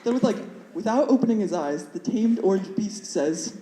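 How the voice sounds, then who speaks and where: A young woman tells a stand-up story in a rambling, fidgety way, with many "like" fillers. Her voice is mellow and dark, and it carries a roomy echo from a club stage. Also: medium pitch, expressive, moderate pace, few pauses, a little hiss or hum. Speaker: stand-up comedian. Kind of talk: stand-up comedy set.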